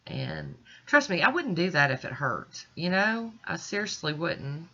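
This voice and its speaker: A woman's voice: on the low side, wildly swooping pitch, a little slow, pushed and bright, lo-fi sound. A woman with stuffy, congested sinuses, chatting reassuringly to viewers as she walks through a nail art tutorial at home. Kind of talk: casual step-by-step tutorial narration.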